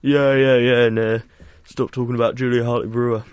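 A man's voice: mid-range voice, flat delivery, brisk, clean tone, no echo. A man on a radio team, hesitant and giggly, full of fillers in casual banter.

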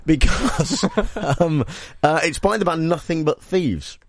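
A man's voice: fairly high pitch, animated, slow pace, dry recording. A man hosting a radio show, chatting in a teasing, jokey way. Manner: teasing, jokey, mock DJ voice at times. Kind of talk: playful radio chat. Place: radio studio.

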